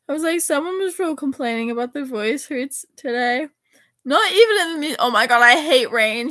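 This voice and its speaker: Speaking a little fast in a high, somewhat bright voice with lively intonation, a teen vlogger reads her old texts out loud, rambling and correcting herself as she goes. The audio is dry, with no room sound.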